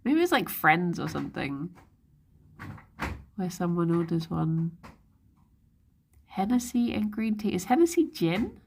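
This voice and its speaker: A woman's voice: on the low side, big pitch swings, unhurried, creaky, pauses often, a little mellow, slight background noise. A young woman streaming live, chatting casually and rambling, laughing often as she goes. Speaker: livestreamer. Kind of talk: casual chat.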